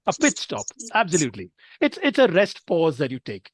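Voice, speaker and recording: A man's voice: on the high side, huge pitch swings, brisk, no room sound. A man from India teaching public speaking in an online training session, explaining with examples and checking in with his listeners. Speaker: speech trainer.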